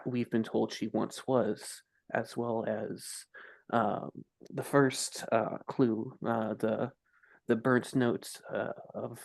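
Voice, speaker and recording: A man with a gravelly, dry voice speaking slowly and flatly in character during a tabletop game. He stops and restarts often as he thinks through what to say. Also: mid-range voice, no echo. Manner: hesitant, halting. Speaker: player.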